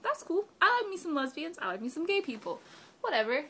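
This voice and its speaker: Extremely high-pitched, fairly bright and very animated, this teenage vlogger talks a little fast as she rants into her phone. She's sarcastic and profane, with "like" filling nearly every sentence.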